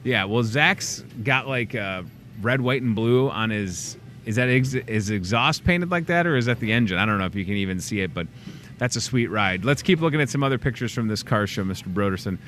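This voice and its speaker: The man's voice is lowish and fairly quick, with a bit of background noise behind it. He's the host of a local store show, chatting and joking casually as he plugs events and deals with lively promo delivery and joking asides.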